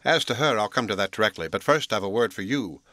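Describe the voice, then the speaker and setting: A man reading the part of a proud, blunt Englishman who talks in a gruff, scolding way. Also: lowish voice, lively intonation, fast talker, bright, forceful tone, no echo, studio quality. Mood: scornful.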